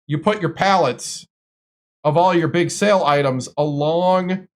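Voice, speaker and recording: A man's voice: fairly high pitch, a little slow. A man from Wisconsin, a streamer, telling long stories in casual chat with lots of fillers and restarts. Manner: rambling, filler-heavy storytelling.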